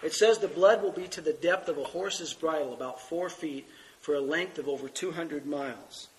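Male pastor, middle-aged, earnest sermon reader, a bit high-pitched, has a cold. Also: moderate pace, low-quality recording. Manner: earnest, reads scripture aloud. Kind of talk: sermon teaching.

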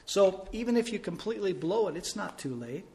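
Expressive male pastor preaching. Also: sits high. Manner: dynamic storytelling, swings between loud emphasis and soft pauses. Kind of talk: sermon.

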